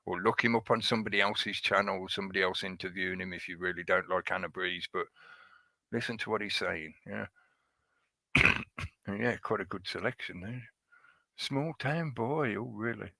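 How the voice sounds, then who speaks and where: A man's voice: fairly low pitch, normal speed, gravelly, sharp tone. A man hosting a casual livestream, chatting in a rambling way and greeting viewers in the chat by name. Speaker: livestream host. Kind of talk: casual live-stream chat.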